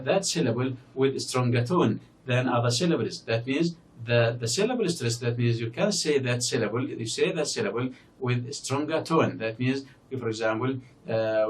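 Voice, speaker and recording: A man whose first language is Arabic, teaching a recorded English lesson and explaining slowly with many fillers and repeated example words. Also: mid-range voice, distant mic. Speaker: university English lecturer. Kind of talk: recorded distance-learning lecture.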